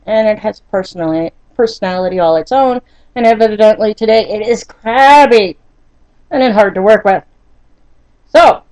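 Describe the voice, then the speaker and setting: An older woman telling a painful personal story in a vlog, halting and frustrated, often near tears, with many fillers and restarts. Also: on the high side, a little mellow, no room sound, poor audio. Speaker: vlogger.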